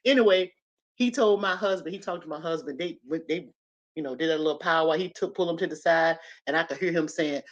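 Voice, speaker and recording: This is a woman, telling a story from her own life. She talks in an animated way and speaks straight to her listeners. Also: low voice, a little fast, muffled recording. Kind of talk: personal storytelling to an audience.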